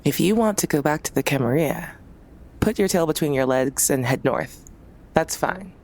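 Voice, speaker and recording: A woman's voice: low voice, animated, moderate pace, darkish tone. A woman voicing a domineering female vampire who issues a firm ultimatum. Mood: menacing. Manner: firm, threatening.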